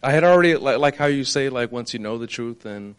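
Halting man sharing testimony, smooth voice. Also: mid-range voice, lively intonation. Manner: halting, many fillers and restarts. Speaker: congregation member sharing testimony. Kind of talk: casual personal testimony.

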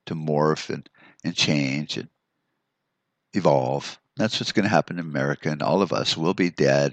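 A man's voice: extremely low pitch, no echo. A man hosting a solo podcast, delivering a profane, rambling rant full of restarts. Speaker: podcast host. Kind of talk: ranting solo podcast monologue.

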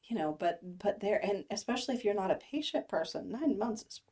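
A woman co-hosting a church podcast with her husband, chatty and quick to laugh, with wry asides. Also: mid-range voice, animated, warm tone. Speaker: Christian education leader, co-host. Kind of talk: casual chat.

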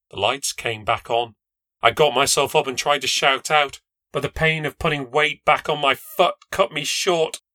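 A man's voice: medium pitch, sharp tone, no echo. A man narrating a first-person ghost story with a tense, dramatic delivery. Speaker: podcast narrator.

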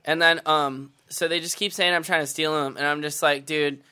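A man's voice: on the high side, normal speed, clean tone. A young man, a rapper guest on a podcast, telling a story in casual chat, swearing freely and acting out the people he quotes. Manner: animated, swears a lot, acts out others in quotes.

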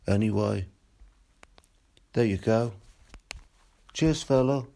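A man's voice: fairly low pitch, takes it slowly, gravelly, dark tone. A man leaving a casual voice message, explaining something in an easygoing way. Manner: easygoing, explaining at a leisurely pace.

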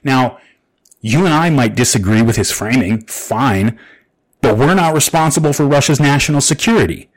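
A man's voice: mid-range voice, expressive, moderate pace, low-quality recording. A man hosting a solo podcast, earnest and a bit agitated, reading long quotations aloud over a makeshift recording setup away from home. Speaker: podcast host. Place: away from home, not his usual studio. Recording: makeshift setup, imperfect audio.

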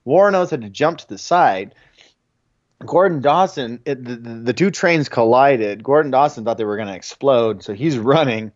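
A man hosting a podcast, telling film production anecdotes in a casual, halting way. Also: medium pitch, lively intonation, no room sound, muffled recording. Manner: anecdotal, many restarts and fillers. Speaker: podcast host.

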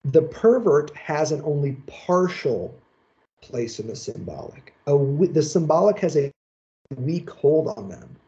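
A man giving a seminar lecture in a measured, emphatic, explanatory way. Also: a little high, big pitch swings, creaky, mellow, muffled recording. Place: lecture session.

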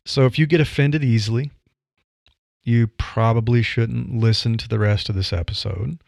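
A man's voice: medium pitch, fairly even intonation, normal speed, creaky, darkish tone, no echo. An older man from Nebraska with a Midwestern accent, hosting a solo podcast and speaking bluntly and wryly. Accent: Midwestern American. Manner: blunt, plain-spoken, wry. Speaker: podcast host. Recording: dry, slightly dull audio.

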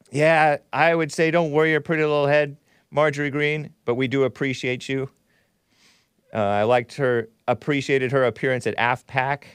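A man's voice: mid-range voice, clean tone, dry recording, studio quality. A man from Southern California hosting a talk show, reading viewer messages aloud with wry, sardonic asides.

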